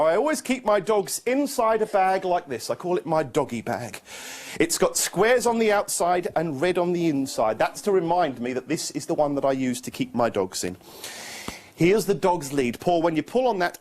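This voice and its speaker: A man's voice: on the high side, darkish tone, slight background noise. A man performing a children's magic show, coaxing a young volunteer with playful, mock-confused patter.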